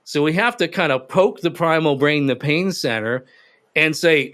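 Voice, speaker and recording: A man in an interview, telling stories in an animated, emphatic way. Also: a little high, moderate pace. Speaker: guest expert. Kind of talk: interview conversation.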